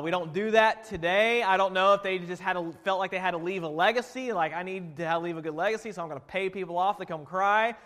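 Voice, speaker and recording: A man preaching a sermon as pastor, shifting between loud emphatic passages and quiet storytelling. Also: sits high. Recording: long hall reverb.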